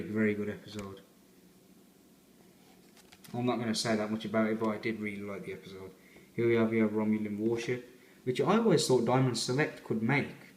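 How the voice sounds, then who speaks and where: A man's voice: mid-range voice, darkish tone, reverberant, slight background noise. A man giving a rambling, chatty fan review as he unboxes a collector's set.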